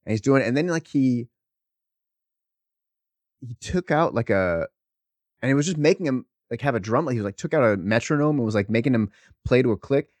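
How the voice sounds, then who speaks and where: A man co-hosting a podcast, telling stories in a casual, animated, profane way. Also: mid-range voice, brisk, long pauses, no echo. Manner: profane, animated storytelling with laughs. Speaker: podcast co-host. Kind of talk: casual chat, storytelling.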